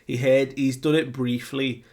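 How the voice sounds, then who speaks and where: A laid-back man talks through a comic chapter slowly and deliberately, his voice carrying a gravelly, creaky texture. He laughs often and slips into playful acted-out scenes while keeping a relaxed, conversational flow. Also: medium pitch. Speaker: comic review host. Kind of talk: casual comic book review.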